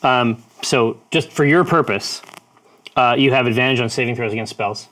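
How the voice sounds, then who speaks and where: A man running a tabletop game, describing items in a measured way with small restarts. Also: mid-range voice, a bit bright. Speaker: game master.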